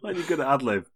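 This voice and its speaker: A man's voice: on the high side, fairly bright tone, breathy edge. A man co-hosting a casual chat about tabletop games, chatty, swearing and laughing a lot. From Britain. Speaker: podcast co-host.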